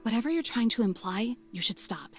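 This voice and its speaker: A woman voicing a dry, no-nonsense park ranger in a visual novel, curt and deadpan. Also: a little high, brisk, soft background music, lightly acted.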